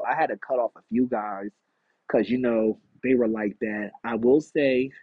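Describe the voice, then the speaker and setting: Husky man in a candid solo podcast. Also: lowish voice, darkish tone, no room sound, muffled recording. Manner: rambling, confessional and frank. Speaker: podcast host. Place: outdoors in a backyard.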